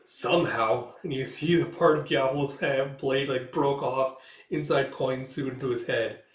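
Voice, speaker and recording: A man's voice: medium pitch, steady tone, normal speed. A man casually recapping a comic book, rambling with lots of fillers and acting out the dialogue. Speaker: host. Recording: roomy echo.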